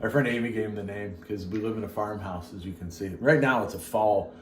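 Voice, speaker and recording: A man's voice: lowish voice, a little fast. Chatty man mixing a drink at home. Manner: chatty, rambling asides. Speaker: co-host making a cocktail. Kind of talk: casual chat, cocktail demo. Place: farmhouse home.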